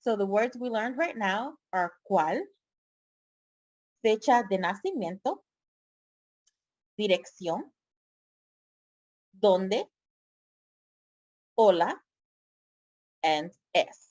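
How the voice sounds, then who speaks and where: A woman's voice: mid-range voice, lively intonation, very slow, pauses often, a little mellow. A woman teaching a vocabulary lesson online, speaking patiently and repeating each word for her students. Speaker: pharmacy tech Spanish tutor.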